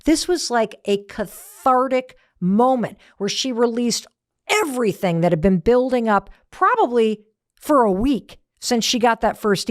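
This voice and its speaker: A woman's voice: on the high side, dry recording. Woman host telling a story, emphatic and chatty, dry mic. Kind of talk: motivational talk.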